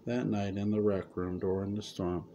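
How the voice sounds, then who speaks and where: A man reading a serialized story aloud as narrator, unhurried, with occasional stumbles over words. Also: lowish voice, level tone, warm tone, muffled recording, a little hiss or hum. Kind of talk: reading fan fiction aloud.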